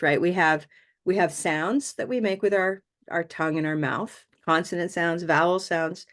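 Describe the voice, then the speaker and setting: A woman teaching a pronunciation class online, her voice sitting a little low. She explains patiently and step by step, modeling how the phrases sound.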